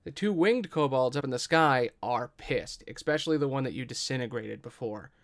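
Guy running a tabletop game, clear smooth voice, easygoing narration. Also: mid-range voice, animated, moderate pace. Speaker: game master.

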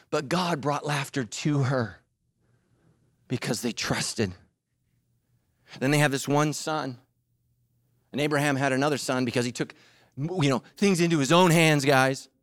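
A man preaching a sermon, telling a story with humor and acting out quotes, swinging from loud high bursts to low quiet emphasis. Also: no room sound, clean studio sound. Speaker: pastor.

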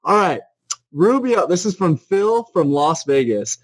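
A man's voice: sits high, big pitch swings, unhurried, no room sound, low-quality recording. Upbeat man reading listener questions, dry sound. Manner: upbeat and chatty. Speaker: podcast co-host.

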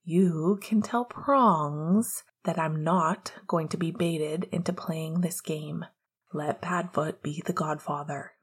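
A woman voicing a heartbroken, bitter young man who mumbles in a breathy half-whisper. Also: low-pitched, takes it slowly, exaggerated voice. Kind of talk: audiobook character reading.

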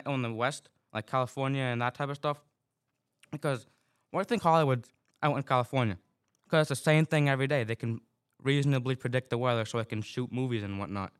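A man's voice: mid-range voice, fairly bright tone, clean tone. A man with a Massachusetts accent, filling in as a weather presenter in a casual, rambling comic monologue full of complaints.

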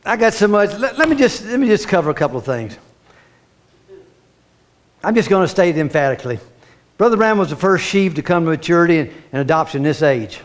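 A man preaching a fervent sermon, repeating phrases and rising to shouts. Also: on the high side, sing-song, fairly quick, pauses often.

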